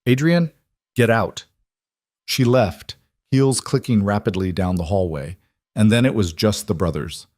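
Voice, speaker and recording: A man narrating a scripted story in an even, steady manner. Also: on the low side, normal speed, no room sound, clean studio sound.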